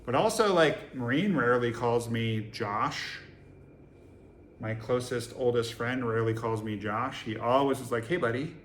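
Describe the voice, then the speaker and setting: A man's voice: mid-range voice, a little slow, slight background noise. A man from Boston, giving a Zen dharma talk to a live audience in a meditation hall, casual and joking, with many rhetorical questions. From Boston, USA. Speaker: Zen teacher. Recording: echoey room, faint ambience.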